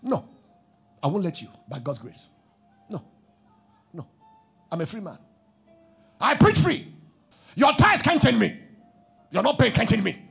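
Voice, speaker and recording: A man preaching a fervent sermon, shouting, chanting, repeating phrases and praying in tongues. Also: sits high, wildly swooping pitch, unhurried, vocal fry, pauses often, husky, faint music behind.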